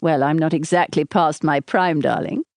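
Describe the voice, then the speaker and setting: A woman's voice: deep voice, normal speed, a little mellow, dry recording, studio quality. A woman voicing a charming, teasing husband in his thirties for an audiobook, speaking in a light, playful and affectionate way.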